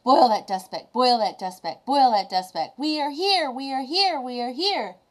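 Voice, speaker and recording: A woman voicing a frantic male mayor of a tiny town who shouts urgently for everyone to be heard. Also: sits high, lively intonation, normal speed, pitched above the performer's own voice. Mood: frantic shouting.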